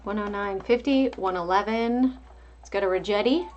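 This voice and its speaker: A woman's voice: mid-range voice, moderate pace, highs cut off, a little hiss or hum. A woman hosting a casual live market stream, calling out price levels and chatting back to viewers. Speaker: livestream market host.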